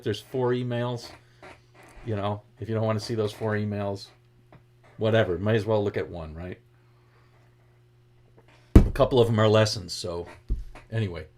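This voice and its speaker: A man's voice: medium pitch, a little mellow. A middle-aged man with a Boston accent, a guitar teacher chatting casually on a livestream and greeting viewers by name.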